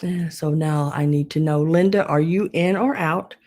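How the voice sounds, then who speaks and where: A woman's voice: low-pitched, normal speed, a little mellow. A woman running a live online sale, chatting casually and calling to bidders by name. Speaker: live auction seller.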